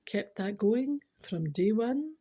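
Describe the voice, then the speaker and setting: Teasing Scottish woman podcaster, husky. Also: medium pitch, expressive, takes it slowly, dark tone. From Scotland. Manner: chatty, teasing, addresses listeners directly, drops to whispers. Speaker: podcast host. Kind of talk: chatty podcast monologue.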